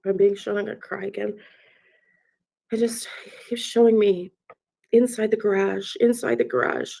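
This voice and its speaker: Woman, psychic medium, live channeling; halting, repetitive, slips into whispers, dark soft tone. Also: medium pitch, fairly even intonation, vocal fry. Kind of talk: live spirit-channeling session.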